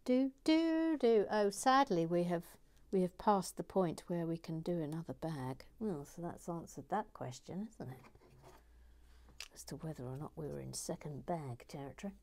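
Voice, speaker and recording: A woman with a low voice and moderate pace hosts a building stream. She chats casually and pokes fun at herself while reading viewer comments, often dropping to a whisper as she concentrates.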